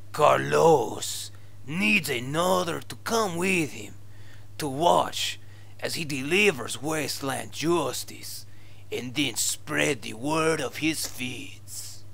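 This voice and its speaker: A man's voice: a little high, vocal fry, fairly bright tone, heavily acted. An actor playing a boastful male wasteland ranger who talks about himself in the third person, with a fake Spanish accent.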